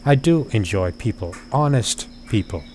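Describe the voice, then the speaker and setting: Measured, wry man with a low voice. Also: expressive, darkish tone, slight background noise. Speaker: vlogger. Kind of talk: reflective video diary.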